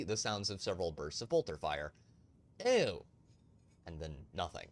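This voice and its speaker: A man's voice: deep voice, sing-song, normal speed. A man streaming a role-playing game, reading game logs aloud and commenting casually, with the odd swear word. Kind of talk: casual let's-play commentary.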